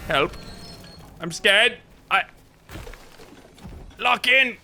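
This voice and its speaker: Male gamer with a very high, unhurried voice; exclamatory horror-game commentary. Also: animated, sharp tone, slight background noise. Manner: jumpy, exclamatory, talks to himself while playing.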